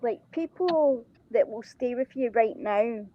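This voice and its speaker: A woman on a call speaks in a reassuring, supportive way. Her voice sits slightly high. The line sounds dull and lo-fi. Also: measured pace. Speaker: guest on a call. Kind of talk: casual chat.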